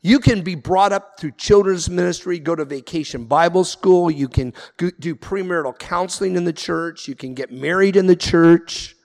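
A man's voice: high voice, normal speed, hardly any pauses, long reverb tail. A man preaching a sermon as pastor, emphatic, with repeated refrains. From Southern California.

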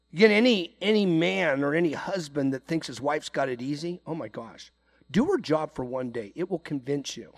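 A middle-aged man preaching a sermon to his congregation in a loose, conversational way, often repeating words and saying "you know". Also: medium pitch. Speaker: pastor.

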